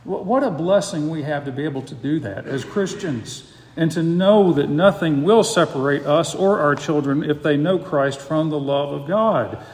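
A pastor preaches an expository sermon, earnest and emphatic, driving his points with rhetorical questions. His voice is fairly high and slightly mellow at a normal pace, and the recording carries the long reverb of an echoey hall.

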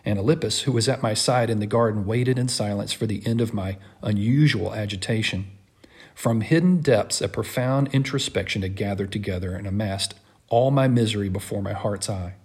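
Man, husky voice, earnest, impassioned, dramatic first-person reading. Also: fairly low pitch, moderate pace, darkish tone.

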